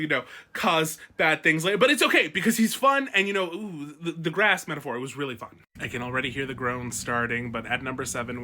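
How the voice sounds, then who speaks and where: Fast, excitable, foul-mouthed man. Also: a little high, slight background noise. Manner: fast, excitable, heavily profane. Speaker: book commentator ranking characters. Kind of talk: casual ranking commentary.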